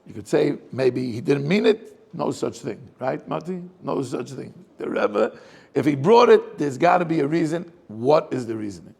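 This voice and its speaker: Gravelly-voiced rabbi probing a text. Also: male voice, fairly high pitch, expressive, moderate pace, a little mellow. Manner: probing, asks many rhetorical questions. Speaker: rabbi teaching a class. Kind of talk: Torah class, questioning the text aloud.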